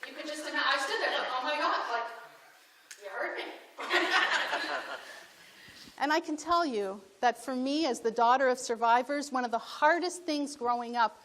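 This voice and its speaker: A high, bright-voiced woman tells stories on stage with animated feeling. She is heard from a distance in a very echoey hall with a faint hiss behind her. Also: normal speed. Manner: animated, emotional storytelling. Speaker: inspirational speaker. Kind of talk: keynote storytelling speech.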